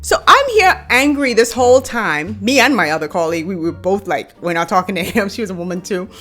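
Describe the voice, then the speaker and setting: A woman's voice: medium pitch, fairly quick, faint music behind. A woman in her thirties from the Bahamas with a Bahamian accent, giving blunt opinions in a casual vlog and speaking straight to her viewers. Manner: blunt, animated storyteller who addresses viewers directly. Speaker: vlogger.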